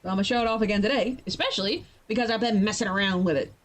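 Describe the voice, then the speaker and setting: A tired woman chatting playfully with her live-stream viewers as she gets ready to write. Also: mid-range voice. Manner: chatty and playful, quick to laugh. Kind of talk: casual live-stream chat.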